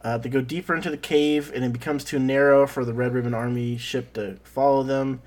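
A man's voice: medium pitch, steady tone, brisk, darkish tone. A man hosting a casual chat show, summing up an episode and passing the question to each guest. He talks in a loose, joking way and teases the others. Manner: joking, teasing. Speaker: podcast host.

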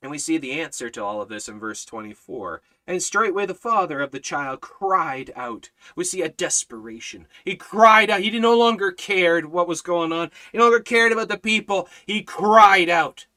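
A man preaching with fervor in a bright, forceful voice pitched a touch above the usual. He teaches scripture in sermon style, hammering his points home with repeated lines that swell in intensity. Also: animated, moderate pace, few pauses. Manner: preaching with rising fervor, repetitive emphatic lines. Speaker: Bible teacher. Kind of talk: sermon-style Bible study.

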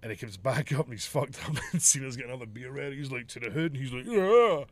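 A man's voice: mid-range voice, rapid-fire, no echo. A man casually telling a rowdy story on a podcast, swearing often and laughing as he talks. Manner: animated, profane, laughs through the story.

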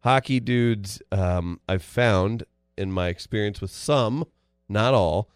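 Man, co-host, low smooth voice, wry, rambling, dry close mic. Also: takes it slowly, no echo. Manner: relaxed, wry and rambling, with many fillers. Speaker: radio co-host. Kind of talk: casual sports talk.

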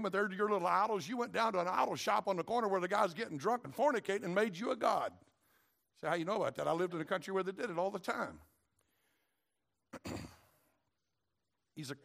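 A middle-aged pastor preaching with a high, gravelly voice. He sinks to a quiet, low tone for solemn points, then climbs into raised, ringing shouts. The delivery is a fervent sermon to a congregation. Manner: preaching with rising shouts on key phrases.

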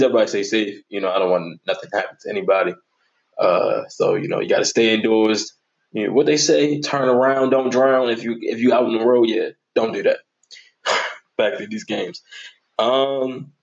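A man's voice: on the low side, vocal fry, lo-fi sound. A man hosting his own sports podcast, chatting casually and animatedly as he jokes through his predictions and picks.

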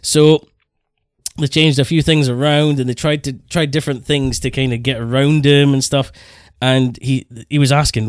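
A man co-hosting a casual podcast, telling stories in a rambling, animated way. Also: mid-range voice, normal speed, smooth, no echo, clean studio sound. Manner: rambling, animated storytelling with self-corrections. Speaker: podcast co-host.

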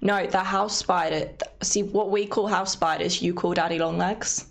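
A British woman guest on a podcast, chatting casually and telling stories in a lively way. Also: on the low side, normal speed, gravelly, a little hiss or hum. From United Kingdom. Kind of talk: casual chat.

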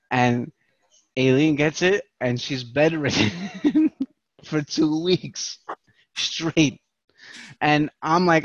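A man's voice: a little high, no echo, dull audio. Profane rambling New York man. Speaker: podcast host. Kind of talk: casual chat.

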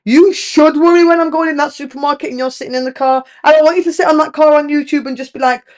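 A woman's voice: high-pitched, quick pace. Frank, swearing woman podcast host. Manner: frank, swears freely, animated storytelling. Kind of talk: candid casual chat.

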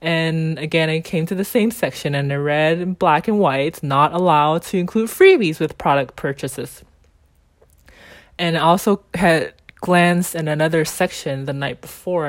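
A middle-aged woman telling a personal business story in a casual, animated way, with frequent ums, restarts and laughter. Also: low-pitched, dry recording, studio quality. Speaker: online seller in a direct sales company.

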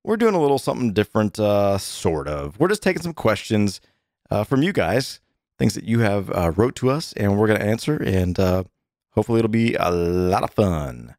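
A middle-aged man co-hosting a casual chat podcast, animated and chatty with many fillers. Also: on the low side, normal speed, no echo, studio quality. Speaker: podcast co-host.

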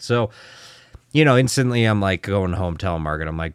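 A man co-hosting a casual podcast, telling a story in an animated way, acting out dialogue and swearing. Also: low voice, brisk, clean tone, no room sound, clean studio sound. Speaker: podcast co-host.

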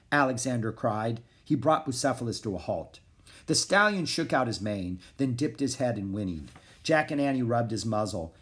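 Husky man reading a children's story. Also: medium pitch, moderate pace. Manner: expressive narration. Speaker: audiobook narrator. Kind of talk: storybook read-aloud.

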